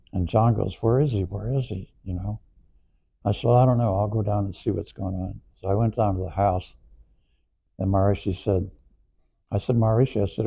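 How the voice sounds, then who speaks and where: Gravelly dark-voiced man telling a story. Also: on the low side. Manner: animated storytelling, acts out quoted voices, laughs while telling. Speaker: storyteller recalling past events. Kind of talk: casual anecdote telling. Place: auditorium, on stage.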